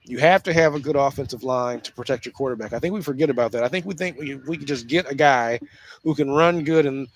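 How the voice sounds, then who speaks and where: A man hosting a casual solo sports talk show, speaking in an animated way with frequent restarts and repeated phrases. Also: mid-range voice, fast talker.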